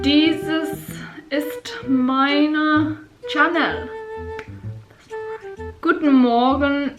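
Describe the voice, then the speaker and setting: Chatty young Englishwoman in an echoey room. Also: high-pitched. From England. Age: young adult. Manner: chatty, switching into slow halting beginner German. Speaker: vlogger. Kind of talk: casual vlog chat. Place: at home. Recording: roomy, echoey room sound.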